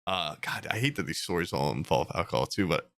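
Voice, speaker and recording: Lively, bright-voiced young man telling stories. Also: low voice, brisk, creaky, dry recording. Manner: rambling storyteller, laughs through his own stories. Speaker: podcast co-host. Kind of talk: casual chat.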